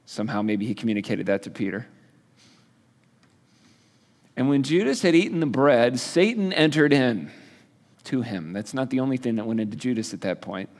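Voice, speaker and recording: A man's voice: mid-range voice, very animated, moderate pace, long pauses, darkish tone, long reverb tail. A male pastor teaching a sermon in a casual, storytelling way with playful asides. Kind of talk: sermon, conversational Bible teaching.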